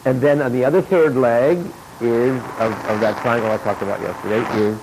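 A brisk acting coach gives an informal lecture, animatedly acting out his own and his students' replies in sudden high bursts. The recording is noisy, with steady background noise.

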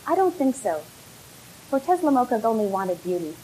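A woman voicing a calm, commanding spirit boy. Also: fairly high pitch, moderate pace, a little hiss or hum, poor audio. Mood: solemn. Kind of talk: storytelling.

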